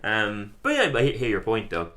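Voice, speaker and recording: A man's voice: fairly low pitch, wildly swooping pitch, normal speed, sharp tone. A man co-hosting a podcast, casually recapping a cartoon episode, laughing often and acting out quoted lines. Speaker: podcast co-host.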